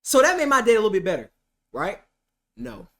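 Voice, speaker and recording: A man streamer telling a comedic story about a day in court, animated and profane, swinging between loud outbursts and hushed asides. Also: sits high, a little fast.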